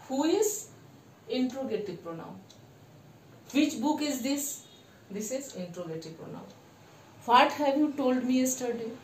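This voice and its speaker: Slow high-voiced woman teaching grammar. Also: darkish tone, roomy sound, distant mic, a little hiss or hum. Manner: slow, explains with repeated examples. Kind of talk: classroom grammar lesson.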